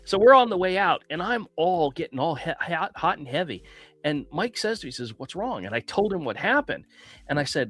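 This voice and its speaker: A man's voice: a little high, fairly quick, husky, no echo. A man in the host's chair tells a story with real heat, and his voice climbs and drops as he gets worked up. The sound is dry and close, with faint music under it. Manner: animated storyteller, gets heated and indignant. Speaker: podcast host. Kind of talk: casual chat.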